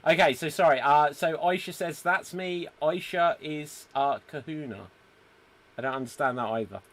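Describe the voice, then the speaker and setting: A man's voice: fairly high pitch, moderate pace. A man hosting a live online improv show, reading viewer comments and setting up scenes. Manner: easygoing, reads out viewer comments, sets up scenes. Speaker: host.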